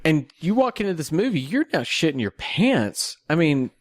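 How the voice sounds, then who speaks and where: A man's voice: a little high, sing-song, normal speed, dry recording, clean studio sound. A man co-hosting a podcast, discussing a movie casually with a questioning, skeptical manner. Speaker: podcast co-host.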